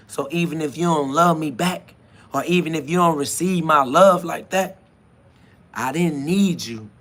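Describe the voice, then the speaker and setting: A podcast host with a high, bright voice gives a freewheeling spiritual monologue, rambling conversationally. He repeats "you feel me" constantly and laughs a lot, his volume swinging from loud bursts to hushed stretches.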